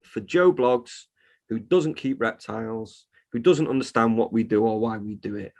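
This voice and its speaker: A man's voice: lowish voice, moderate pace, darkish tone. Man ranting with heated swearing. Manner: heated, swears freely, rants. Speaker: reptile shop owner, guest. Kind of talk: casual podcast interview.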